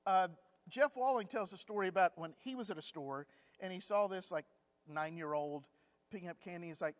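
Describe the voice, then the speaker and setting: High-voiced man teaching in a reverberant hall. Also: fairly quick. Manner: chatty storyteller acting out anecdotes with humor. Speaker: Bible class teacher. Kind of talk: conversational Bible lesson. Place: church classroom.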